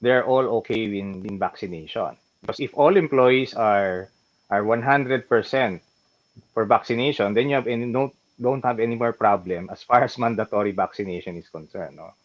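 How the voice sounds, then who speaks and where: Low-voiced Filipino man, measured lawyer. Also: muffled recording. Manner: measured and explanatory, with frequent tag "no?". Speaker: labor lawyer guest. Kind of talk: casual interview answers mixing English and Tagalog.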